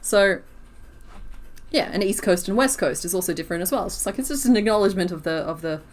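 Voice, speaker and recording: An Australian woman with a rural accent chats with her viewers while she crochets on a stream. She talks in a casual, giggly way and breaks into laughter often. Her voice sits in a middle pitch. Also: animated, fast.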